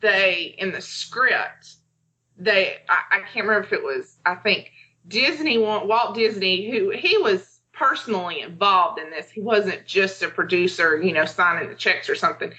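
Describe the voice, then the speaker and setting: A woman's voice: mid-range voice, expressive, normal speed, sharp tone, dull audio. A woman co-hosting a podcast in casual chat, talking with many fillers and acting out her own thoughts. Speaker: podcast co-host.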